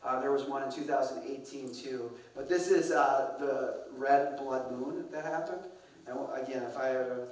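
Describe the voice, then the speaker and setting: A man's voice: mid-range voice, steady tone, normal speed. A middle-aged man speaking to pastors at a conference, telling wry, self-deprecating stories. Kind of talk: humorous storytelling lecture. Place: large conference hall. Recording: echoey hall from a distance.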